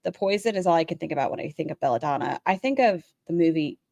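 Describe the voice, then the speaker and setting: A woman giving blunt, crude, sarcastic commentary on a livestream she is watching, breaking into high mocking voices. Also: animated, fast talker, creaky, dark tone, no echo, dull audio. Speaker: commentary streamer reacting to a livestream. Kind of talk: casual reaction commentary.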